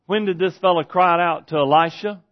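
A man preaches a sermon in a fairly high voice. He reads scripture slowly, then climbs into loud, near-shouted preaching before dropping back to a hush. The recording sounds dull and lo-fi. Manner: swings from hushed to loud preaching, rising to shouts. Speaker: pastor.

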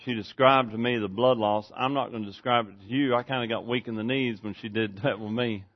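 A man's voice: mid-range voice, steady tone. Preaching man, dull lo-fi recording. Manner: swings from hushed to loud preaching, rising to shouts; reads scripture slowly and deliberately. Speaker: pastor. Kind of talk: sermon. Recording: dull lo-fi sound.

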